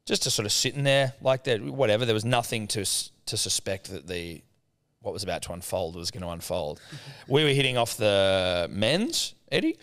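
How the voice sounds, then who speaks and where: A man, a podcast co-host, telling a lively, heavily sworn anecdote in casual chat. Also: on the low side, normal speed. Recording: long room reverb.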